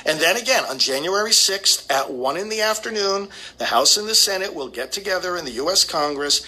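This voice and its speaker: A man's voice: high-pitched, lively intonation, fairly quick, bright, forceful tone, husky, rough recording. A man, a priest, giving an emphatic, preachy commentary and calling his listeners friends. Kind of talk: commentary monologue.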